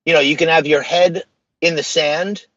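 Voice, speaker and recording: A man's voice: a little high, steady tone, moderate pace, fairly bright tone, lo-fi sound. A man talking as a podcast guest, emphatic and casual, dropping slang. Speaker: podcast guest, social media page creator. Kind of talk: casual interview conversation.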